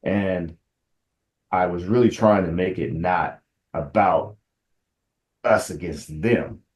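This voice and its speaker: Deep-ish voiced cop guy from compton, laid back chat, gets lively telling stories. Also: slow, reverberant. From Compton, California. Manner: relaxed storyteller, grows animated and laughing when telling the story. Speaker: police sergeant, guest. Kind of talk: casual interview conversation.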